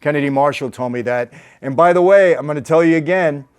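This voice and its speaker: A man's voice: fairly high pitch, fairly quick, clean tone. A middle-aged man hosting a casual interview, earnest and complimentary. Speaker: interview host.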